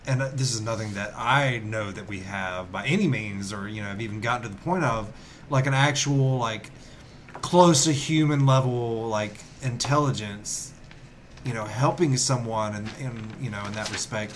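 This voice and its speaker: A man's voice: on the low side, normal speed, slight background noise. A man from Western North Carolina with a local accent, co-hosting a casual podcast in a rambling, hedging, wry way. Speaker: podcast co-host. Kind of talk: casual chat.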